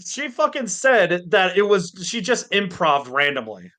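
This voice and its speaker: A man co-hosting a casual podcast over a voice call, ranting and swearing heavily with animated mock voices. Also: high voice, unhurried. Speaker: podcast co-host. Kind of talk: casual chat. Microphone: Discord call.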